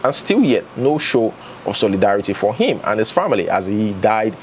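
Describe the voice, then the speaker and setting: A man's voice: lowish voice, very animated, fairly quick, slight background noise, rough recording. A man hosting entertainment news, giving chatty, opinionated commentary and talking straight to his viewers.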